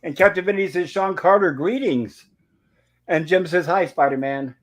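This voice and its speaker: A man's voice: high-pitched, normal speed. A man hosting a review livestream, casually reading out viewer comments in a friendly, rambling way with many fillers.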